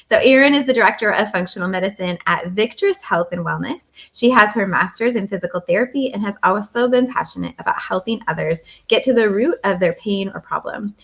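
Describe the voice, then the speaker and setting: A woman's voice: mid-range voice, brisk, creaky, hardly any pauses, a bit bright. A woman hosting an interview, welcoming her guest with enthusiastic, effusive praise. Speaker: host. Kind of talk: interview host.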